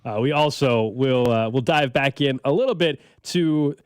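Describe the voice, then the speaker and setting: A man's voice: mid-range voice, moderate pace, clear, resonant tone, no room sound. A man hosting a sports radio show, chatting casually with dry teasing and reading segment teases. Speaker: radio host.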